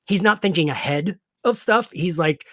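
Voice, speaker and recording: A man's voice: high voice, normal speed, fairly bright tone, dry recording, clean studio sound. A man hosting a podcast in casual chat, recapping an episode in a rambling way, full of fillers and casual swearing. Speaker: podcast host.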